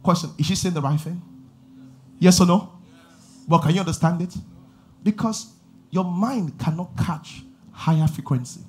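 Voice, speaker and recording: Husky pastor preaching. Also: male voice, high-pitched, moderate pace, pauses often. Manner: rising to shouted preaching, rhetorical questions. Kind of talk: sermon.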